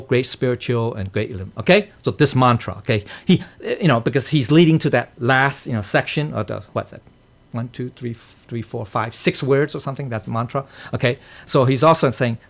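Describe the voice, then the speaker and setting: A man's voice: mid-range voice, fairly bright tone. A man teaching a class on a sutra at a temple, explaining term by term, dropping "okay?" and "right?" after nearly every phrase and chuckling at his own jokes. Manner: checks in constantly with "okay?" and "right?". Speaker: dharma teacher.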